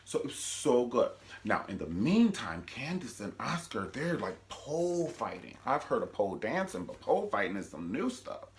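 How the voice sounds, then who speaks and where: A man's voice: mid-range voice, big pitch swings, normal speed, few pauses. A man from Cleveland, Ohio, recapping a TV drama in a casual, gossipy vlog with dramatic asides. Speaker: TV show reviewer.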